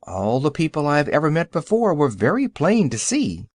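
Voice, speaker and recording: A man voicing a kindly, courteous old male wizard in a polite, measured way. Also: a little high, wildly swooping pitch, no echo, clean studio sound, full character voice.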